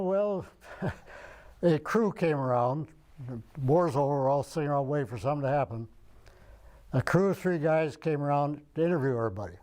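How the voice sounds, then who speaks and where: A fairly high, mellow voice belongs to this older Michigan veteran being interviewed for an oral history. He rambles, openly trying to recall details.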